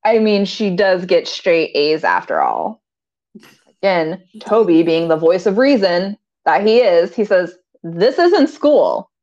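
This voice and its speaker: On a podcast recap of a TV episode, a woman with a lowish, darkish voice chats at a measured pace but with lots of animation, giggling often and doing character voices for quotes. The lo-fi audio sounds slightly dull.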